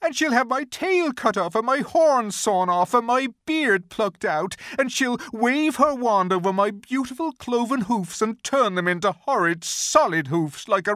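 A frightened male faun from a storybook, his voice climbing high and wavering as he pleads through tears. The delivery swoops widely and is unhurried, close and dry. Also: a bit bright, no echo, exaggerated voice. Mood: tearful. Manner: pleading, tearful, rising high. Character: timid weeping male faun, fearful. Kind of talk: audiobook character voice.

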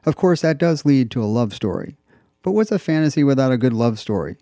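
Mellow-voiced male audiobook reviewer. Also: mid-range voice, big pitch swings, fairly quick, no room sound, clean studio sound. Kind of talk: scripted review.

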